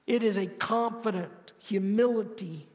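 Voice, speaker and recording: A man preaching a sermon as pastor, building to emphatic, louder phrases and then dropping soft and low to close each point. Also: a little slow. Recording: long hall reverb.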